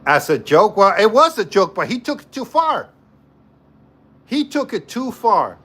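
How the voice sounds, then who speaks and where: High, lively man telling a story. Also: unhurried, husky. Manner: animated, joking, repeats himself. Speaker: livestream host. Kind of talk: casual storytelling to a live chat.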